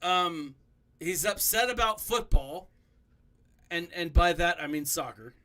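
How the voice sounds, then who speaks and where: A young man hosts a relaxed review chat in a bright, forceful voice that sits a touch high. He talks in an animated way, laughs often and leans on fillers as he thinks aloud. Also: measured pace. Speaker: podcast host.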